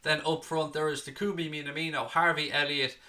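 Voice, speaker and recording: Irish guy hosting a live stream, bright forward voice, chatty, answers comments and swears now and then. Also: a little high, level tone, fairly quick. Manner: chatty, reads out viewer comments and answers them, swears casually. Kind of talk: casual live watchalong chat.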